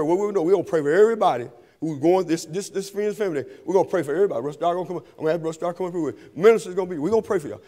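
A man preaching an altar-call sermon in a church, calling to the congregation and rising to shouts. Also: sits high. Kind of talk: sermon invitation. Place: church sanctuary. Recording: long reverb of a church hall.

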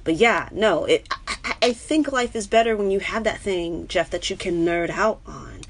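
Chatting casually with her live stream audience, a female comedian with a New York accent talks at a moderate pace, animated and spiking high in pitch when excited. The webcam or phone audio carries slight background noise.

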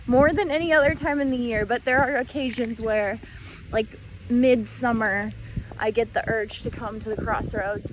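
Woman vlogger, high bright voice, gushing casual chat, outdoors on a phone, steady background noise. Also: dull audio. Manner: gushing, bubbly. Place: outdoors at a rural crossroads.

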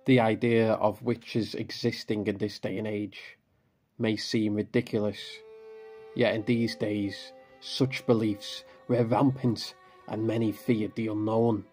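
A man narrating a scripted horror story in a grave, measured manner. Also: fairly low pitch, level tone, a little mellow. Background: faint background music.

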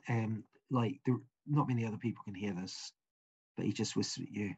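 Husky man running a tabletop game. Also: on the low side, darkish tone. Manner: halting, many fillers and restarts. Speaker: game master.

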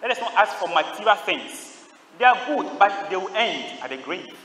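A Ghanaian priest gives a homily at a youth Mass, quizzing the young congregation with questions and pausing for their replies in call-and-response style. His slightly high voice is bright, forceful and sing-song at a moderate pace. He is heard from well back in a large church with a long, echoing reverb tail and slight background noise.

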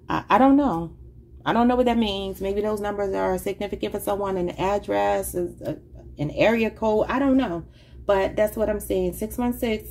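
A woman talking through a tarot reading in a casual, rambling way, often thinking out loud and addressing her viewers as y'all. Her voice is mellow and soft-edged, with a middling pitch. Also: a little hiss or hum. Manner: informal, says y'all. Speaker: tarot reader.

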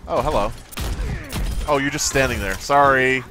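Speaking at a normal speed in a mid-range voice, a man live-streams a video game with playful commentary. He swears, giggles and hums bits of nonsense while playing, and loud game sounds and voice lines sit behind his voice.

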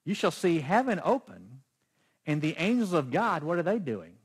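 Male pastor, husky timbre, emphatic sermon delivery. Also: on the high side, big pitch swings, moderate pace. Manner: emphatic, questions the congregation.

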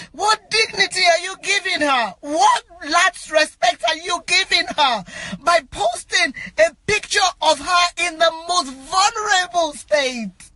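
A distraught woman, an actress, crying and pleading from inside a car, her voice breaking into shouts as she repeats herself. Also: very high-pitched, measured pace, noisy background. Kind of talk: emotional self-recorded appeal.

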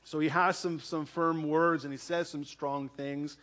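Man, pastor, sermon, conversational, keeps asking "right?", slightly higher voice. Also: little pitch movement, unhurried, a bit bright. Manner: conversational, asks "right?" often. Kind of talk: sermon with scripture reading and prayer.

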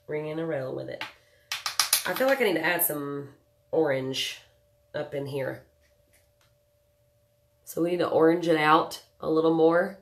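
A woman's voice: low-pitched, lively intonation, a little slow, pauses often. A woman vlogger talking casually to her viewers as she does her eye makeup. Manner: chatty, talks to viewers while working. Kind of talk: casual makeup tutorial chat.

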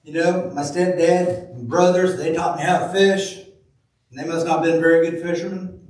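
A man preaching a sermon in a church, reading scripture slowly and telling folksy stories. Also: on the high side, steady tone, a little mellow. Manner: folksy storytelling, slow deliberate reading of scripture. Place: church sanctuary. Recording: very echoey room, from far off.

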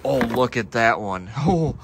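A man narrating a dumpster dive in an excitable, lively voice, his pitch leaping up with every find. He sometimes drops to a half-whisper. Loud clattering noise sits behind him outdoors. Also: slow, gravelly. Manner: animated, exclaiming often, breaks into laughs. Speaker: dumpster diving vlogger. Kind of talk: excited casual narration to camera.

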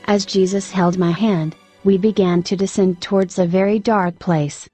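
A woman's voice: mid-range voice, steady tone, normal speed, warm tone, slightly rough, soft background music. A woman narrating a personal religious testimony in an earnest, emotional, scripted way.

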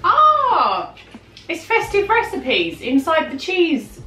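A chatty woman co-hosts a family vlog, teasing and telling little stories between bites. Her voice sits at an ordinary pitch, heard from a distance in a reverberant room. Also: lively intonation, moderate pace, fairly bright tone. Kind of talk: casual mukbang Q&A chat. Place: home room decorated for Christmas. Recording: roomy, mic at a distance.

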